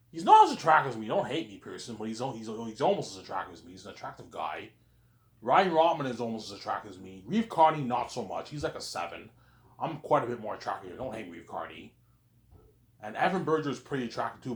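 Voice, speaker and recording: Rambling man, lively voice. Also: mid-range voice, roomy sound. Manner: rambling, repeats himself, keeps saying "obviously". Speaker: vlogger. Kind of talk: casual rambling monologue.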